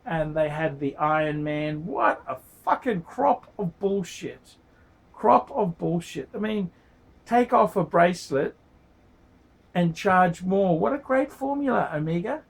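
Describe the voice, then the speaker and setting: A man's voice: high voice, lively intonation, a little slow, vocal fry. A man giving a casual paid watch review on video. He talks bluntly, swears freely and repeats his points. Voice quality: blunt, profane, repeats himself.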